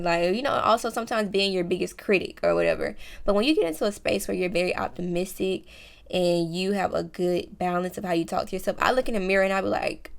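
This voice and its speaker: Chatty woman with a gravelly edge. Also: fairly low pitch, expressive, fast talker. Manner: chatty, slang-filled, addresses viewers as y'all and baby. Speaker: lifestyle vlogger. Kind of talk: casual advice vlog.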